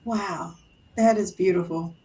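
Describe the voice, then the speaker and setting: A woman's voice: fairly low pitch, unhurried, mellow. A woman hosting a radio talk show, interviewing her guest in a casual way with many effusive exclamations.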